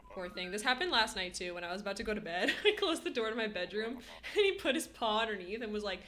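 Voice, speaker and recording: A woman's voice: mid-range voice, lively intonation, quick pace, few pauses, fairly bright tone, faint music behind. A young woman streaming, chatting casually with her viewers and cooing at her cat in baby talk. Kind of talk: casual live-stream chat.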